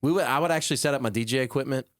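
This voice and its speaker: A man's voice: mid-range voice, very fast, no room sound, clean studio sound. A man hosting a podcast, chatting casually and acting out his friends' voices as he tells stories. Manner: animated storyteller, acts out friends' voices. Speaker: podcast host, DJ. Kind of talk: casual chat.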